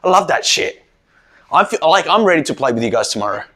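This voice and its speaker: Man, motivational coach, husky bright voice, lively pitch, yells chants at his team. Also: fast. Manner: rousing, leads loud shouted chants. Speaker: mental performance coach.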